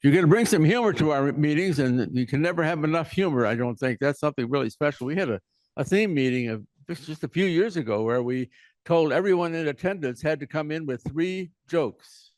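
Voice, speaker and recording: A man's voice: fairly high pitch, expressive, brisk, darkish tone, dry recording. Rambling man chairing a meeting. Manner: rambling, with frequent restarts. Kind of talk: casual meeting talk.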